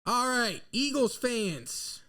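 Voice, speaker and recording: A man, hosting a live draft reaction stream and rambling nervously as an excitable fan into a desk mic. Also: very high voice, slow, clear, resonant tone. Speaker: sports fan host.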